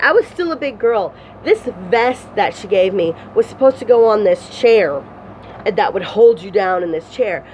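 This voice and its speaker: Woman, phone-recorded vlog, candid rambling story, fillers, voice jumps high in distress, faint road noise. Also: lively intonation, moderate pace, a little mellow, highs cut off. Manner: rambling and candid, with many fillers, restarts and swearing; pitch climbs high when reliving distress. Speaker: vlogger. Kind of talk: personal storytelling to camera.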